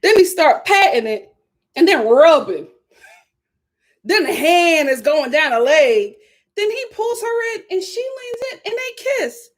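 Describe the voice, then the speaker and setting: Sassy high-voiced woman reviewer. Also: very animated, unhurried. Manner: sassy, emphatic, laughing asides. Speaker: reality TV reviewer. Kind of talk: casual video commentary.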